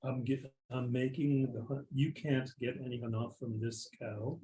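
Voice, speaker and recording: A man's voice: medium pitch, steady tone, normal speed, mellow, poor audio. A man in a Talmud study session over a video call, asking short probing questions. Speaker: study partner.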